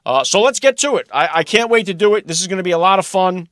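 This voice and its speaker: High-voiced blunt male talk show host. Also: expressive, quick pace, fairly bright tone, dry recording, clean studio sound. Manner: blunt, emphatic, sarcastic. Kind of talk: opinionated talk show monologue.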